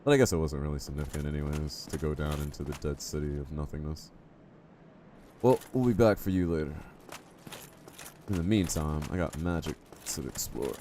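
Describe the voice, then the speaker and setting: A man's voice: a bass voice, brisk, dark tone, a little hiss or hum. A man streaming a game live, chatting casually and joking with his viewers. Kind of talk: casual live-stream chat while playing.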